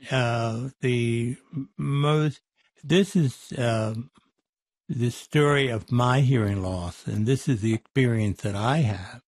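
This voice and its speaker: A man at mid pitch talks through ideas in a conversational discussion, often halting on fillers and restarting his sentences. His voice is close to the mic with a dry, dead sound. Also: a little mellow, dry recording.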